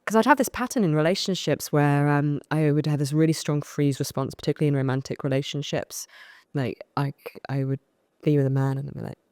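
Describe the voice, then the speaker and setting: A woman's voice: low-pitched, fairly quick, no room sound, studio quality. A woman from the UK, a podcast guest and coach, telling candid, self-deprecating stories about her past. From United Kingdom. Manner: self-deprecating, animated acting-out of past moments. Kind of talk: candid storytelling in conversation.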